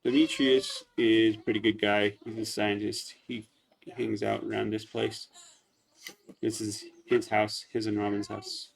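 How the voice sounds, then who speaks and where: Gravelly man chatting over gameplay. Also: fairly low pitch, measured pace, slight background noise. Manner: relaxed, chatty, hesitant. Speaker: let's play host. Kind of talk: casual gameplay commentary.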